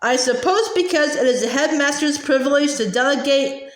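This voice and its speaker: A woman's voice: high voice, moderate pace, lightly acted. A woman doing a silky, sneering wizard teacher. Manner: quiet, smooth and disdainful. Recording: roomy echo.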